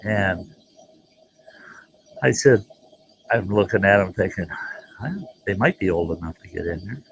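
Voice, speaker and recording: A man telling a folksy, animated story as the host of his own show, jumping into voices for the people he quotes. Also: sits low, unhurried, gravelly, a little hiss or hum, poor audio. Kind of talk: casual spoken storytelling.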